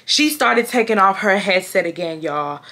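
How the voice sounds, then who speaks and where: A woman's voice: medium pitch, lively intonation, normal speed, bright, forceful tone. A young woman from Houston, Texas telling a chatty, sassy workplace storytime and mimicking the people in it. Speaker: vlogger. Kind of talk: casual storytime.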